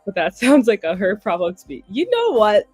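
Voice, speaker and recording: A woman's voice: mid-range voice, wildly swooping pitch, moderate pace, a little mellow, breathy edge, dry recording, faint music behind. A young Canadian woman hosting a livestream, chatting casually and laughing often between remarks. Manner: chatty, laughs often, talks to her pets. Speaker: livestream host. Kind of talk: casual chat reading chat messages.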